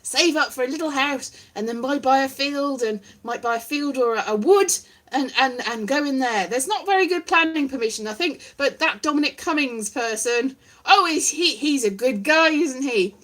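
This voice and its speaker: Bright, high-voiced woman rambling. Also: animated, moderate pace. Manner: wry, self-deprecating, meandering. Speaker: vlogger. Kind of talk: casual rambling monologue. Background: strummed guitar.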